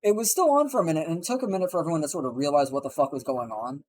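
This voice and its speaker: Young man, live streamer, husky voice, rambling swear-heavy gossip while gaming. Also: a little high, rapid-fire, darkish tone, rough recording. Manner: rambling, profane storytelling.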